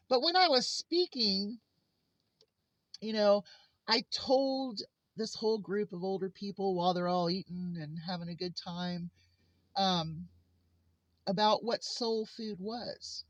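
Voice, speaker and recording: A woman's voice: mid-range voice, unhurried, no echo. A woman vlogger telling personal stories in a heartfelt, earnest way. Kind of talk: casual personal monologue. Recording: slightly muffled lo-fi recording.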